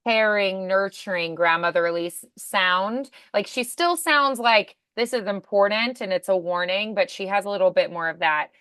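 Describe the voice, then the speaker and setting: A woman's voice: mid-range voice, normal speed, few pauses, fairly bright tone, clear, resonant tone, dry recording. Upbeat woman coach, encouraging and chatty, dry close sound. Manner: upbeat, encouraging, many fillers. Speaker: voice acting coach. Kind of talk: casual coaching.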